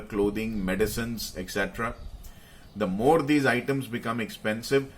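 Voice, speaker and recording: Male market commentator, lowish voice, halting delivery full of "uh"s, leans hard on key points. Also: a bit bright, a little hiss or hum. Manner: hesitant with many fillers, stressing key phrases. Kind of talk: explaining investing to viewers.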